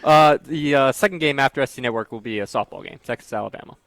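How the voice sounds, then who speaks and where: Man, radio producer, mid pitch, dry studio mic, relaxed wry remarks. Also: fast talker, no room sound. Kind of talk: casual sports radio banter.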